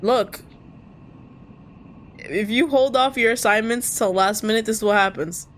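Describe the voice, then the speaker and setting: A woman streamer reading a visual novel aloud. She switches between calm narration and loud, laughing, cursing reactions. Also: on the high side, measured pace, slight background noise. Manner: expressive, jumps from calm reading to squealing and laughing; casual and cursing in asides. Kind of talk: reading game text aloud with live reactions.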